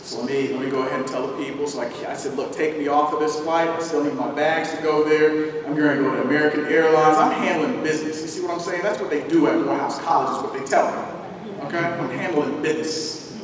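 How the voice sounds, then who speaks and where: A man giving a talk as a guest speaker, telling a personal story in a lively way and acting out the voices of the people in it. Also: fairly high pitch, fast. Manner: animated, acts out voices in his story. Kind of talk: storytelling lecture. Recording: echoey hall recording from far off, noisy.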